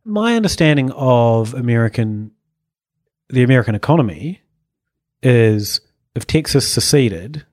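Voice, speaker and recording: A man's voice: medium pitch, very animated, measured pace, a little mellow, no echo. Rambling podcast co-host man, dry sound. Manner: rambling, self-correcting, laughs often. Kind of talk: casual chat.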